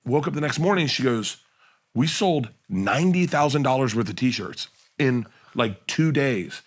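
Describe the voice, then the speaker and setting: A man's voice: medium pitch, unhurried. A middle-aged man, a comedian guest, telling casual podcast stories and acting out the people in them. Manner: animated storyteller acting out quotes.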